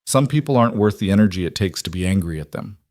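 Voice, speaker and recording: A man voicing a quiet cowboy who speaks in a calm, measured and firm way. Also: fairly low pitch, no room sound, clean studio sound, close to an everyday voice.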